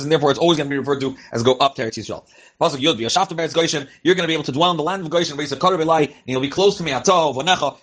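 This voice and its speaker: A man's voice: on the high side, a bit bright. A man teaching a Torah class, reading Hebrew verses and translating them phrase by phrase in loose spoken style. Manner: reads Hebrew phrases then translates, Yiddish-inflected yeshivish terms; loose spoken delivery with fillers and restarts. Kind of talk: verse-by-verse Chumash and Rashi class.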